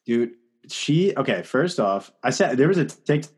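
A man's voice: medium pitch, very animated, normal speed, a little mellow, slightly rough. A young man hosting a casual podcast chat, rambling with lots of fillers and frequent laughs. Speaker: podcast host.

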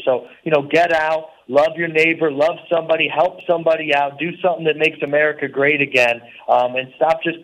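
A man's voice: on the high side, low-quality recording. A man speaking as a radio guest from a prison cell, earnest and preachy, with many fillers. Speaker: guest calling in. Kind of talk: interview on talk radio.

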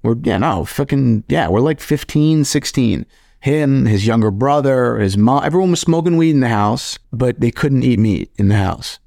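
A young man co-hosting a podcast, telling animated stories in casual, profane chat. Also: mid-range voice, moderate pace, vocal fry, no echo, clean studio sound. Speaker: podcast co-host.

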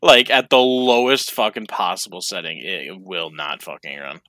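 A man's voice: low-pitched, normal speed, sharp tone, no echo. A man co-hosting a podcast, chatting casually in a laid-back way, swearing and trailing off with fillers. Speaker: podcast co-host. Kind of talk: casual chat.

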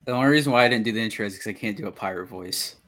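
A young man co-hosting a casual podcast, talking in halting starts and repeated words. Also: lowish voice, fairly bright tone. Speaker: podcast co-host. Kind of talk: casual chat.

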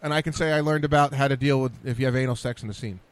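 Fast-talking male talk show host. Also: mid-range voice, fairly even intonation. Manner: quick, repeats words as he starts sentences. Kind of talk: casual interview chat.

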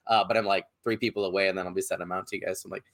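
A man's voice: low-pitched, fairly even intonation, rapid-fire. A man who hosts a podcast and writes, talking eagerly and in a rambling way on a video call. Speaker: podcast host and author. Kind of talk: casual podcast chat.

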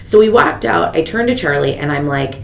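Woman, podcast host, casual storytelling, lowish voice, faint rumble behind. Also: fairly quick, gravelly. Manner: animated, quotes people with big pitch jumps. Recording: echoey room with faint rumble.

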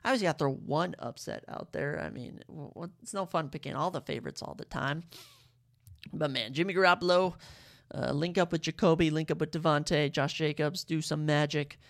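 Excitable podcast host with some vocal fry, talking sports picks casually with rambling self-corrections. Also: medium pitch, a little fast. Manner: excitable, fired-up fan talk.

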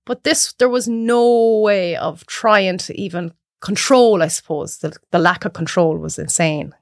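A woman's voice: medium pitch, a little slow, no room sound. Irish woman chatting as a guest, acts out what people said, dry close sound. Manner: animated storyteller acting out quotes. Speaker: podcast guest. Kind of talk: casual chat.

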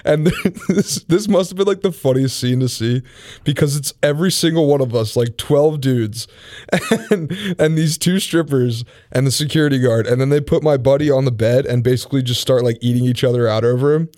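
A man's voice: medium pitch, normal speed, darkish tone, dry recording, clean studio sound. A young man co-hosting a podcast, telling a story in casual banter and laughing often as he goes. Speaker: podcast co-host.

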